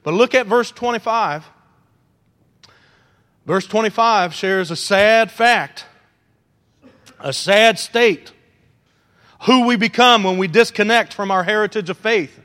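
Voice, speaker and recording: Guy preaching, high bright voice, lively and jokey, big echoey church. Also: unhurried. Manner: animated, acts out quotes, jokes with the congregation. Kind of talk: sermon. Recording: long hall reverb.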